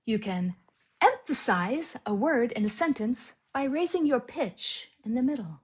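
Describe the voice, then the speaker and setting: A woman giving a calm spoken lesson on narration technique and demonstrating exercises aloud. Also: on the high side, normal speed, breathy edge. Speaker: author teaching audiobook narration.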